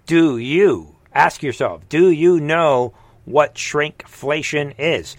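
A man hosts a live political commentary stream, emphatic and sarcastic, swinging between loud exclamations and low muttering. The recording is dry and he speaks slowly.

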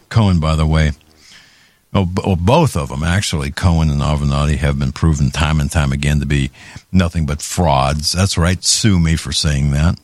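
In a rumbling low voice at a moderate pace, a man hosting a talk show rants about politics, the sound free of echo. His heated delivery is full of stumbles and restarts.

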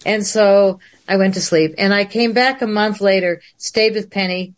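A woman guest on a livestream interview, telling a long story in an animated way and laughing often. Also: mid-range voice, a little slow.

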